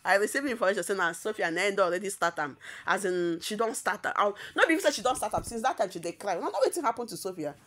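A woman's voice: mid-range voice, expressive, very fast, hardly any pauses, fairly bright tone. A woman with a Nigerian accent giving casual gossip commentary, emphatic and repetitive, often breaking into laughter. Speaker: celebrity gossip vlogger.

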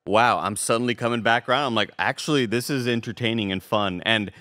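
A man's voice: medium pitch, brisk, sharp tone, no echo, studio quality. A man co-hosting a casual movie review podcast, rambling in a laid-back way and swearing casually. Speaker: podcast co-host.

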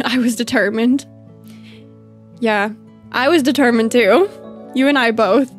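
A woman's voice: on the high side, unhurried, pauses often. A woman streaming a game in casual commentary, bubbly and gushing, laughing often. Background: faint game music.

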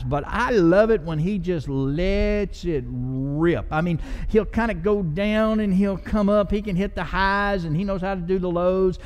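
A male pastor delivers a sermon with a fairly high voice that swells with passion and then settles into casual asides. The sound rings with the long reverb of a church sanctuary. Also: a little mellow. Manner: passionate preaching with conversational asides.

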